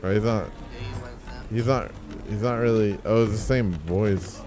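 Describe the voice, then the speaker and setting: A man streaming a game, chatting casually in a rambling, profane, excitable way. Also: on the low side, measured pace, music in the background. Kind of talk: casual gaming stream chat.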